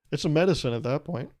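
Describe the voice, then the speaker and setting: Joking young man with a mellow voice. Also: fairly high pitch. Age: 20s. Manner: rambling, jokey, swears freely, acts out quotes. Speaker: podcast host. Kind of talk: casual solo podcast monologue.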